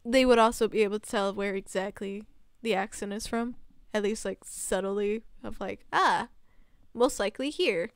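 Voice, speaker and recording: A woman's voice: medium pitch, moderate pace, smooth, dry recording, clean studio sound. A young woman streamer with a subtle Southern US accent, chatting casually and rambling, laughing often. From Southern United States. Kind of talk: casual livestream chat with chat readers.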